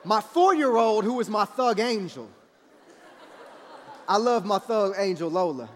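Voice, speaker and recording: A preacher telling a comic story about his family, animated and dramatic, with acted-out voices. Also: high voice, unhurried, a little hiss or hum. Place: large event hall. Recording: reverberant large hall.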